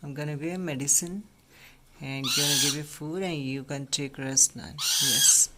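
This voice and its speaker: A man, a bird rescuer, speaking softly and soothingly to an injured baby bird while explaining its care. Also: on the high side, moderate pace. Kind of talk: casual vlog narration. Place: at home, indoors. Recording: noisy home recording.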